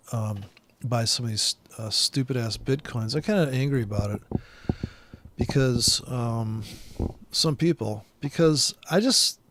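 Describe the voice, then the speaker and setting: A man's voice: medium pitch, fairly bright tone. A man in a rambling, profane vlog rant, angry and restless, full of fillers. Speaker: vlogger.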